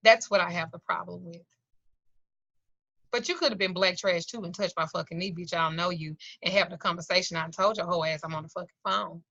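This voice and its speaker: Bright-voiced woman telling blunt stories. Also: lowish voice, steady tone, brisk, creaky, no room sound. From Southern United States. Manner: blunt, profane, theatrical storyteller. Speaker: occult class teacher. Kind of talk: profane storytelling in an online class. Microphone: video call. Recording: dull lo-fi video-call audio.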